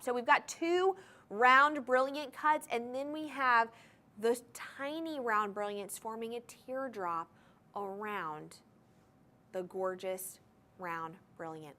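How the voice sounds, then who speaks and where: An upbeat woman with a slightly high voice hosts a live jewelry sale on a shopping channel. She chats enthusiastically, talking directly to the viewers at home from a TV studio. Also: sharp tone. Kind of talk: live TV jewelry sales pitch. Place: TV studio with controlled lighting.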